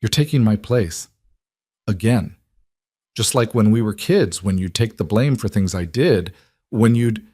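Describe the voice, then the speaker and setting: A man's voice: lowish voice, lively intonation, a little slow, dark tone, breathy edge, dry recording, studio quality. A man voicing a frightened, pleading younger sister in a spoken story. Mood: desperate. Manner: pleading, breaking. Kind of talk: audiobook storytelling.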